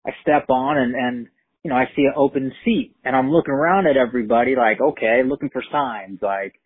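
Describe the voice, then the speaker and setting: A man's voice: mid-range voice, a little fast, slightly rough, no echo. Streetwise New man over a phone line. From Brooklyn, New York. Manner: profane, streetwise, animated retelling. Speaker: storyteller. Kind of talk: casual spoken storytelling. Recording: tinny phone-line recording.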